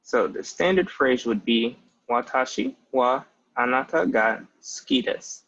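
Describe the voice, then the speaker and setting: A man's voice: medium pitch, animated, measured pace, creaky, fairly bright tone. A young man in his twenties giving a casual spoken language lesson, explaining step by step and often starting with "so" and "basically.". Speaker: language tutor. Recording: muffled lo-fi audio.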